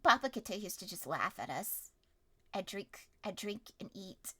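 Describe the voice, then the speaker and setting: A young woman running a tabletop story game as game master, animated and quick to yell and laugh. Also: mid-range voice, slightly rough. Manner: animated, bursts into yelling and laughter.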